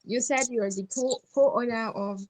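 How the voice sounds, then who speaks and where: A woman's voice: a little high, moderate pace, a little mellow, low-quality recording. Chatty woman podcast host. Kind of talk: casual interview questions.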